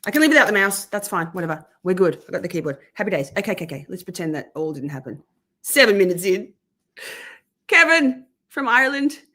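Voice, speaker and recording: A woman live-streaming in a loose, casual chat with her audience. Her pitch swings widely as she chatters, curses freely and talks herself through fiddly tech trouble. She sits at a middle pitch. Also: sing-song, fast, pushed and bright. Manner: chatty, swears a lot, flustered by gear.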